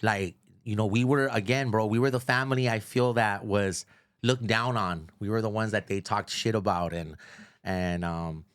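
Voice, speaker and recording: A man's voice: lowish voice, normal speed, fairly bright tone, clean tone. A middle-aged man, a radio personality, telling stories as a guest in a casual interview, swearing freely and repeating himself for emphasis. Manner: profane and emphatic, with heavy repetition.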